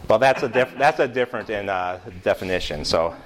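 An American man teaching a Bible class in a room with a board, lively, putting questions to the class and often restarting his sentences. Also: lowish voice, brisk, noisy background. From United States.

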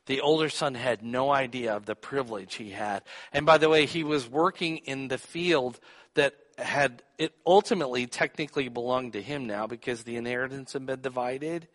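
A man's voice: mid-range voice, moderate pace, fairly bright tone, in a large hall. A man preaching a sermon, teaching and putting questions to his listeners. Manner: teaching, asks the audience questions.

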